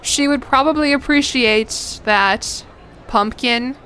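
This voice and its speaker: Chatty woman streamer, lightly high voice. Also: sharp tone. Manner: chatty, swearing, quick reactions and laughs. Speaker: streamer playing a strategy game. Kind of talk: casual gameplay commentary.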